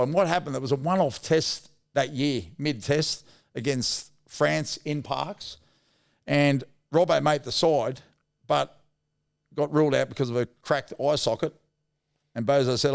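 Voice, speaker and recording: Gravelly Australian bloke spinning yarns. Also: male voice, medium pitch, steady tone, moderate pace. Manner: blunt, laddish yarn-telling with slang and swearing. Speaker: guest, former rugby league player. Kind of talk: casual storytelling interview.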